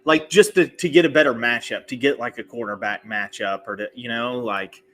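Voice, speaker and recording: A man's voice: medium pitch, moderate pace. A man, a firefighter by trade, watching a football game with a friend and chatting about the plays. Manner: animated, questioning football analysis. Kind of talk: casual sports chat.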